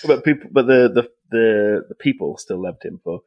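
A man's voice: mid-range voice, expressive, moderate pace, no room sound, lo-fi sound. Guy rambling through history. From Wales. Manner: rambling, many fillers and restarts, laughs often. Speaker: podcast co-host. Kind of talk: casual history podcast chat.

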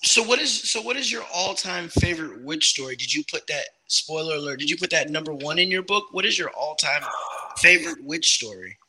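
A man's voice: a little high, lively intonation, brisk, bright, forceful tone, breathy edge, rough recording. A man hosting a podcast interview, asking curious, conversational questions. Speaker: host.

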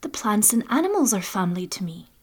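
A woman voicing a sensitive young girl, soft and pleading, in a storybook. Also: mid-range voice, sing-song, fast, breathy edge. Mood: hesitant.

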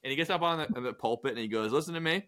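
A man's voice: medium pitch, rapid-fire. A man hosting a casual comedic history podcast, retelling events with goofy acted-out quotes. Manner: animated storyteller, acts out historical figures in goofy voices. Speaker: podcast host.

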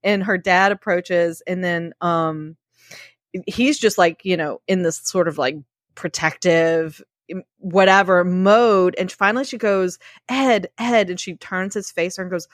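A woman's voice: fairly low pitch, fairly even intonation, a little slow, no room sound, studio quality. A woman in casual chat, retelling a show's plot with emotion and addressing listeners as "y'all". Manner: emotional storytelling, says "y'all", tears up. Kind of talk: casual chat recapping a show.

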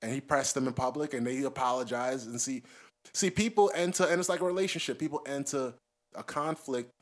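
A man's voice: mid-range voice, brisk. A man co-hosting a podcast in loose, slangy casual chat, laughing often. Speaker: podcast co-host.

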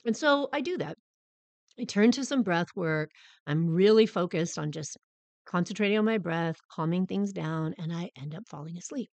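A middle-aged woman hosts her podcast, talking through a personal story in a candid, conversational manner. Her voice sits on the low side, and the recording is close and dry with no room sound at all. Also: moderate pace, no room sound. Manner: candid, conversational, animated when recalling hard moments. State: recovering from a cold. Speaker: podcast host.

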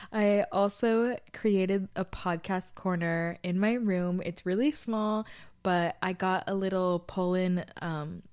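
A woman's voice: fairly low pitch, a little mellow, smooth. A young woman hosting a casual solo podcast from a small bedroom, chatty and confessional, with lots of "like" fillers. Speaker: podcast host.

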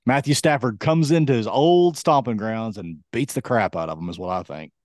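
A man co-hosting a podcast, talking through his picks in a rambling, halting way with lots of ums. His voice is a touch hoarse, and the sound is close and dry with no room around it. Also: medium pitch, darkish tone, dry recording. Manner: rambling, hesitant with many ums. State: voice going hoarse. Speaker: podcast co-host. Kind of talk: casual sports chat.

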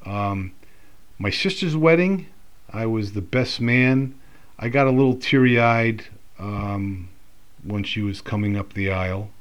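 A man speaks in an unhurried, low voice, working through his thoughts aloud. He rambles, doubles back and fills pauses, like a host talking straight to his listeners. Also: clean tone. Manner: rambling, reflective, with many fillers and restarts. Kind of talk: casual monologue.

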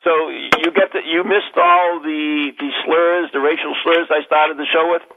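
A man's voice: on the high side, level tone, unhurried, background noise. Joking older male radio host. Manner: rambling, joking, many restarts. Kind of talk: casual radio talk. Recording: tinny phone-like radio audio.

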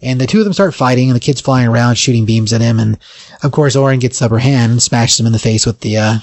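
Podcast guy rambling thru a comic plot, lots of uh and like, mid pitch, super dry mic. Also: fast, a little mellow, dry recording. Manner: rambling retelling, full of fillers. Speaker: podcast co-host. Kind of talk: casual comic book recap.

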